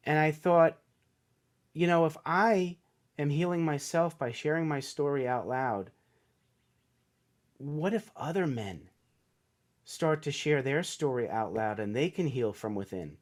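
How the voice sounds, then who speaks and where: Earnest middle-aged man telling his story. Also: on the high side. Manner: earnest, emotional, acts out quoted voices. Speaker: podcast guest, author. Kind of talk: casual storytelling interview.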